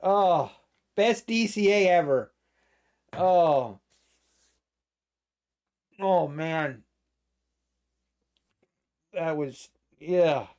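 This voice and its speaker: Casting: male trading streamer, unhurried delivery, laughs often, jokes in mock alarm. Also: fairly high pitch, darkish tone. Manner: laughing, mock-panicked joking about the market. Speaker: day trading livestream host. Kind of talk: live trading stream commentary.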